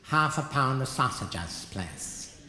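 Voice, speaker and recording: A man voicing a chatty elderly woman, gossiping with a friend in a dry, deadpan way. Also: mid-range voice, slow, heavily acted. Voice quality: deadpan storytelling with shrewd wit. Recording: echoey hall with background noise.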